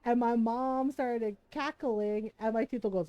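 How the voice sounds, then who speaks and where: Woman streamer, fairly high voice, dry close sound, animated and profane storyteller. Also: unhurried, clear, resonant tone, dry recording. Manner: animated storytelling, swears freely, laughs often. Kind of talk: casual chat while streaming a game.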